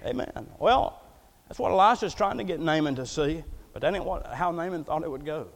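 A man pastoring a church, preaching a folksy sermon, joking and then building to loud passages. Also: fairly high pitch, lively intonation, brisk, creaky, big-room sound.

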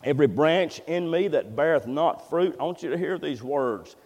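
A man preaching a sermon, building to loud fervent passages and often repeating words as he goes. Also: fairly high pitch, lively intonation, moderate pace, long reverb tail. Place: church.

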